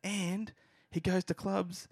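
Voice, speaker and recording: A man's voice: high voice, little pitch movement, slow pace, darkish tone, husky, dry recording, studio quality. A man with an Australian accent co-hosting a casual sports podcast, full of crude, swearing banter. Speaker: podcast co-host. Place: small room at a table.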